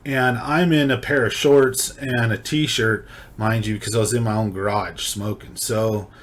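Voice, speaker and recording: A man tells a story from his own life, casual and rambling. He drifts through slang and swears freely. His voice sits at an ordinary middle pitch. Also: fairly even intonation, unhurried, a little hiss or hum. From California. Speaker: vlogger telling a personal story.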